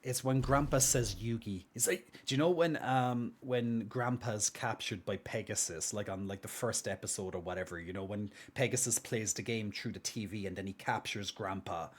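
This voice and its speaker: A man live-streaming a game, chatting casually and rambling excitedly with lots of fillers and laughter. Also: on the low side, normal speed, hardly any pauses. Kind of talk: casual live-stream chat while gaming.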